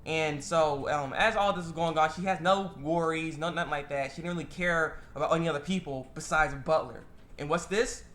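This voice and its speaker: A man casually recapping an anime episode, rambling and excitable, full of fillers and restarts. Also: a little high, fairly quick. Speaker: anime reviewer.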